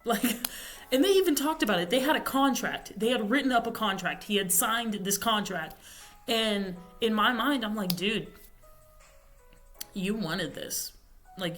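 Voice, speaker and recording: A woman's voice: lowish voice, fairly bright tone. A young woman on a podcast casually retelling a novel's plot, rambling with many fillers and self-corrections. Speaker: podcast host. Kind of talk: casual book recap.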